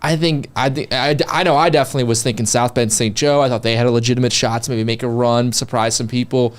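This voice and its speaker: A man's voice: mid-range voice, fairly even intonation, fast. Easygoing man talking sports. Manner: easygoing, hesitant with restarts. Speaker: sports show co-host. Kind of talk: casual sports talk.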